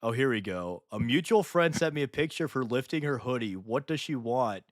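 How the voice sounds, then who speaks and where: A man streaming casually while he paints, joking crudely with a friend and sometimes yelling. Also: medium pitch, lively intonation, brisk, dry recording, clean studio sound. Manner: crude, joking, swings from loud outbursts to mumbling.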